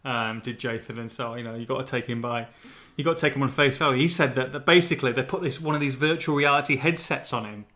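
A man's voice: mid-range voice, quick pace, sharp tone. A man hosting a casual football podcast, chatty and joking as he tells stories. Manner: chatty, joking, often laughing while telling stories. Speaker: podcast host.

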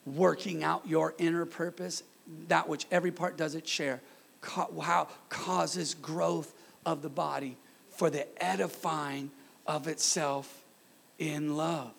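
A man in his thirties preaching a lively sermon in a church, calling on the congregation to answer and repeat after him. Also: a little high, takes it slowly, vocal fry, breathy edge. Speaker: pastor. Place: church sanctuary.

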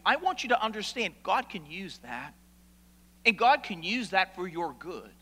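A man preaching a sermon as pastor, animated, asking rhetorical questions and swinging between loud and hushed. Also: sits high. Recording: long reverb of a large hall.

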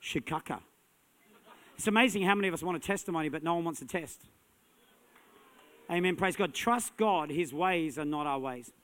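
Male pastor, sermon delivery, slightly high pitch, energetic and emphatic. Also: moderate pace, long pauses, clear, resonant tone. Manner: energetic, punchy, rising to shouts.

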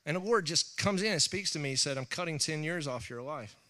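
A man's voice: fairly high pitch, lively intonation, a little fast, sharp tone. A man, preaching a sermon in a storytelling manner, acting out voices and laughing often. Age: 40s.

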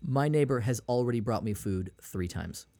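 A man's voice: medium pitch, lively intonation, moderate pace, mellow, dry recording. A man from Maine co-hosting a podcast, chatting casually and playfully with frequent restarts. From Maine, USA. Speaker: podcast co-host. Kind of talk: casual chat.

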